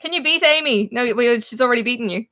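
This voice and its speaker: An Irish woman hosts a casual livestream chat from her home in Australia, laughing often and reading out viewers' names. Her fairly high, bright voice is animated, quick and forceful, and the stream audio is dull and lo-fi.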